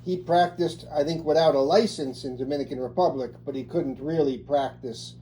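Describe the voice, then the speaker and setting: Mellow man chiming in. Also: fairly high pitch, moderate pace, a little hiss or hum, poor audio. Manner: chiming in with confirmations and corrections. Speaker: family member. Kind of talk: casual family conversation.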